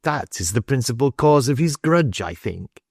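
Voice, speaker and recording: A man voicing a thoughtful older rector in an audiobook, speaking in a calm, measured way. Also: mid-range voice, slightly rough, dry recording, studio quality, pitched above the performer's own voice.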